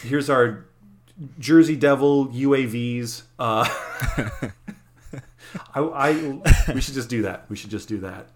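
A man co-hosting a podcast, musing aloud in an animated way with frequent laughter. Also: medium pitch, takes it slowly, long pauses, a little hiss or hum. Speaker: podcast co-host. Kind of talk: casual chat.

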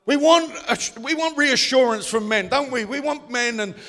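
Preacher, man, high and bright voice, shouting sermon, long hall reverb. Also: normal speed. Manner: preaching, rising to shouts, asks the congregation questions. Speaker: pastor.

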